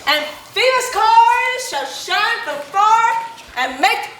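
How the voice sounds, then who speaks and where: A woman's voice: very high voice, big pitch swings, slow pace, full character voice. Bottom: a woman playing a hammy boastful weaver. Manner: bombastic, showy, declaiming. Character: boastful hammy male weaver, eager to play every part. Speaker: stage actor. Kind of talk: live college stage performance. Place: college theatre stage. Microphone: distant room mic. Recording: roomy stage audio from far off with faint noise.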